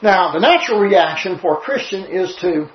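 Male preacher teaching a congregation, lively pitch, emphatic, rhetorical questions; roomy, slightly dull recording. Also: normal speed. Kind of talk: sermon-style Bible teaching.

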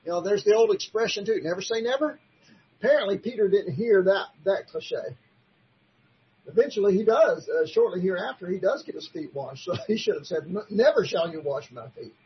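A man's voice: high voice, lively intonation, brisk, husky, lo-fi sound. A man preaching in a sermon-style Bible study, emphatic and fond of rhetorical questions. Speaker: preacher teaching a Bible class.

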